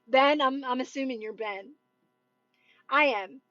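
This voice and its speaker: A woman's voice: high-pitched, takes it slowly, a bit bright, no echo. A woman who coaches manifestation, chatting casually with livestream viewers in a rambling way, full of "like" and "right?". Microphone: phone livestream. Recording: dull, dry phone livestream audio.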